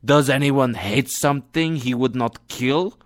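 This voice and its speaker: A man's voice: medium pitch, measured pace, no echo, studio quality, natural voice. A man voicing a vengeful, unyielding moneylender in a read-aloud story, stern and emphatic. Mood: defiant.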